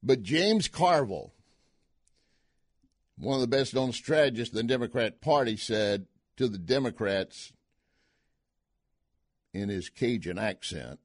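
A man's voice: mid-range voice, lively intonation, a little slow, pauses often, dry recording, studio quality. Sarcastic man hosting political talk radio. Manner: sarcastic, folksy, scoffing. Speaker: radio talk show host.

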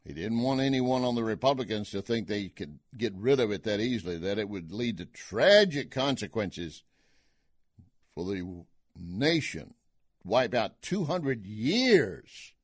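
A man hosts political talk radio in a folksy, sarcastic way, often scoffing. His pitch moves around lively. The sound is dry and close with no room echo. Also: unhurried. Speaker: radio talk show host.

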